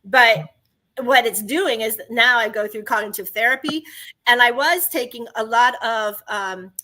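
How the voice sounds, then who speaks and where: A woman's voice: a little high, a little slow, pushed and bright. A woman telling her own story in casual chat, emphatic and exclaiming at times.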